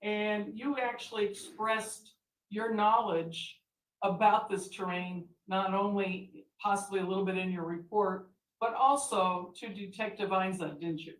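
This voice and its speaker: A woman's voice: mid-range voice, fairly even intonation. Lady lawyer doing cross-exam, leading questions, echoey courtroom, mic far off. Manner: leading, deliberate questions ending in "correct?". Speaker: defense attorney.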